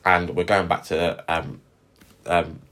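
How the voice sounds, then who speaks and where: A man's voice: sits low, slow. A man co-hosting a podcast, telling stories in casual chat with lots of slang. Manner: animated storytelling with slang. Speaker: podcast co-host.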